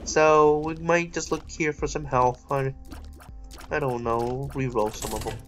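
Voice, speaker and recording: A woman hosting a gaming channel, giving rambling, self-mocking let's play commentary that breaks into yells and laughter during tense fights. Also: a bass voice, steady tone, unhurried, soft background music.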